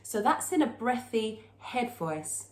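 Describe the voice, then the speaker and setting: Slow, careful woman teaching singing. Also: on the high side, sing-song, echoey room, soft background music. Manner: explains then demonstrates by singing. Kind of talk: vocal lesson with sung demonstrations.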